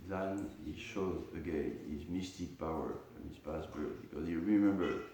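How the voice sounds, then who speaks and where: A man giving a scripture class in a temple hall, halting and repeating words, with many fillers. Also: sits low, gravelly, warm tone. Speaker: lecturer on scripture. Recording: distant echoey hall mic, faint noise.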